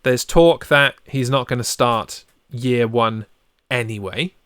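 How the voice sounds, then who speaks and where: Brief: male podcast co-host, thirties, excitable sports talk, clean resonant voice. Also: mid-range voice, slow pace, clear, resonant tone, no echo. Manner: excitable, animated storytelling. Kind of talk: casual sports podcast chat.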